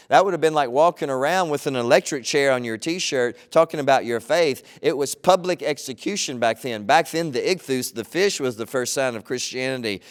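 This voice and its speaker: Smooth-voiced man preaching a sermon. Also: fairly high pitch. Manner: conversational storytelling. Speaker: pastor.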